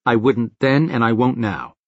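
A man reading a first-person audiobook in a dry, deadpan storytelling manner. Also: medium pitch, normal speed, dry recording. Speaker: audiobook narrator. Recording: dull lo-fi recording.

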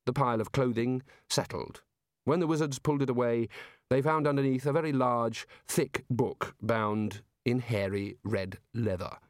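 A man narrating a comic fantasy audiobook in a measured, deadpan way. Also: medium pitch, no echo, clean studio sound.

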